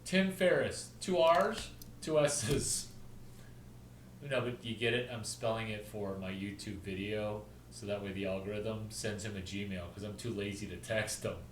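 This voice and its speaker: A man rambling through an offhand story, hopping from one topic to the next and pausing to spell things out letter by letter. He sits back from the microphone in a roomy space, so his voice carries a noticeable echo. A faint hiss of ambience sits under his talk. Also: fairly low pitch, flat delivery, distant mic. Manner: rambling, jumps between topics, spells out names. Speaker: video host.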